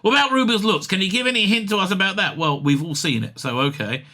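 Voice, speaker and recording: Bright, jokey man rambling excitedly. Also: high-pitched, quick pace. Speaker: commentator reading an interview. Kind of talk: casual comic commentary.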